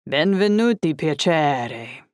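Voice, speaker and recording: A woman voicing a warm, welcoming Italian man who hosts a guest, in an audiobook. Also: low voice, lively intonation, normal speed, no echo, clean studio sound. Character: hospitable middle-aged Italian man, warm host.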